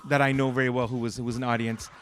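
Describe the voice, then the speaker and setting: A man's voice: medium pitch, flat delivery, very fast. A man hosting a radio interview, rambling and eager as he tells stories as a longtime fan. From Southern California. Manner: enthusiastic fan, rambling with many restarts. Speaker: radio DJ, host.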